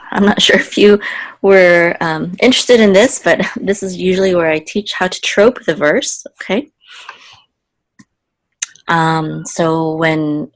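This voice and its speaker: Woman, Hebrew teacher, low pitch, dry close sound; patient, slow syllable-by-syllable delivery. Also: no echo. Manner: patient, spells out syllables slowly with fillers. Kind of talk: relaxed spoken lesson.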